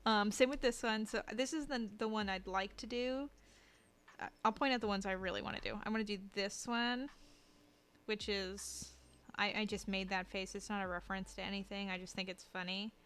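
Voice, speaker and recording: A woman streamer chatting casually while she draws, rambling and self-deprecating, with lots of fillers and restarts and a habit of dropping to a low mutter as she works. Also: fairly even intonation, normal speed, fairly bright tone, smooth. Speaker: streamer and artist. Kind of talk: casual live-stream chat while drawing.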